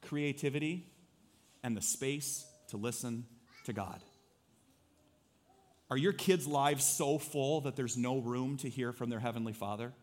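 A pastor in his thirties preaches at a measured pace and medium pitch, pausing often. The sermon feels conversational and lively, with him acting out brief lines from his family and his listeners.

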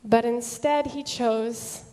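A woman giving a slow, dramatic devotional reflection, pausing long and dropping to a near whisper. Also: fairly high pitch, fairly even intonation, mellow, clean tone. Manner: long pauses, drops to a near whisper on quoted words. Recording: long echo of a large hall.

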